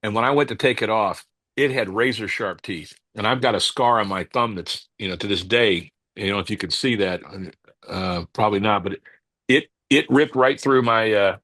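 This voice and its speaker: A man, a cigar company owner and podcast guest, telling stories in a casual interview, halting and restarting as he searches for words. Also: lowish voice, no room sound. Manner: calm, unhurried anecdote telling.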